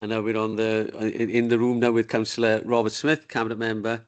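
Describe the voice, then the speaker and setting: A man's voice: fairly low pitch, level tone, a little fast, smooth. Genial man chairing a meeting. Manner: informal, genial and joking. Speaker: committee chair. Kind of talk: chairing a council committee meeting. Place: council meeting room, hybrid session.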